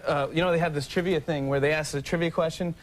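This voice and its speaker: A young man in his twenties, a talk show guest, telling stories in an excitable way that keeps breaking into laughter and sudden loud, high impressions. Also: fast talker, a little hiss or hum. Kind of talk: casual storytelling with impressions.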